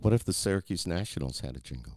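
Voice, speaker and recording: A man's voice: low voice, expressive, fast talker, a little mellow. A man hosting a radio show, making easygoing, wry remarks in casual banter. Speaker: radio host.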